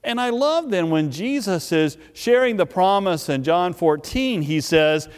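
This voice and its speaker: A male preacher delivers a sermon slowly and deliberately, his fairly high voice rising and falling with wide swings. He leans on key words and repeats them after long pauses, and a long hall reverb trails every phrase. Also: animated, smooth.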